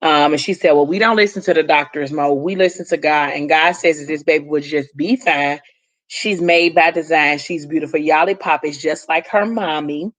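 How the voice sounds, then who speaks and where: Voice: mid-range voice, fairly even intonation, normal speed, a bit bright. Chatty vlogger rambling through a story recap. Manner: rambling, loose retelling with many fillers and asides; talks straight to viewers, chatty. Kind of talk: casual story recap to viewers.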